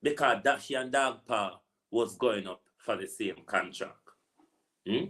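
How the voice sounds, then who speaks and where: Slow, preachy Jamaican man ranting. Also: on the low side, a bit bright. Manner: preachy, repetitive, rhetorical "hmm?" asides. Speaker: online political commentator. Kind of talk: ranting monologue.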